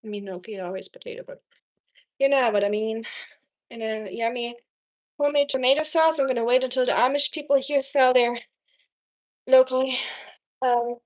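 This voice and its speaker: A woman's voice: fairly high pitch, normal speed, long pauses. A young woman hosting a casual cooking live stream, chatting with viewers and reading their messages aloud, from Germany. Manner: chatty, reads chat aloud, frequent ums.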